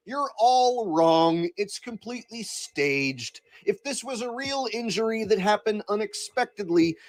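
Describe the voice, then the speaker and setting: A man talking in a sarcastic, insistent way, delivering commentary for his video channel. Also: high voice. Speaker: online commentator.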